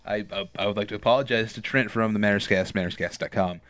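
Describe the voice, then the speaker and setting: Self-deprecating bright male podcast host. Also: lowish voice, fast talker, no room sound. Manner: self-deprecating, nervous, laughs easily. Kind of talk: casual chat.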